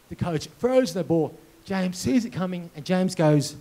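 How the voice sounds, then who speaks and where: A man's voice: fairly high pitch, expressive, normal speed, mellow. A man giving a storytelling keynote speech, acting out dialogue and sound effects as he goes. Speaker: keynote speaker. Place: conference hall with audience.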